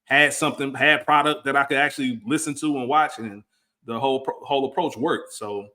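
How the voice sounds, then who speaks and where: A podcast co-host chats casually in a mid-range, steady, sharp-toned voice. He talks fast and emphatically, often acting out what people said to him.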